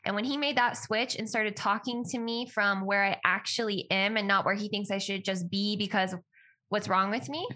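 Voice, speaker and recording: A woman's voice: mid-range voice, steady tone, moderate pace, sharp tone. A woman co-hosting a casual talk, speaking openly and heartfelt about personal healing. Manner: open, heartfelt, uses many "like" fillers.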